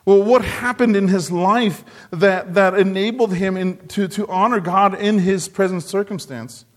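A man preaching a sermon earnestly, repeating phrases for emphasis and dropping low and soft on key words. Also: a little slow.

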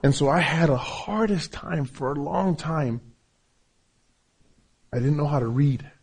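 A pastor whose first language isn't English preaches a sermon in English with a non-native accent. His medium-pitched voice has a breathy edge, and his phrasing is emphatic and repetitive.

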